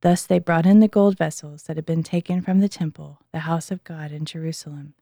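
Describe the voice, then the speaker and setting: A woman reads scripture aloud, earnest and measured. Her voice is low and mellow. The recording is close-miked and dry. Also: steady tone, vocal fry, no room sound. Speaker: scripture reader. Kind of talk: Bible reading.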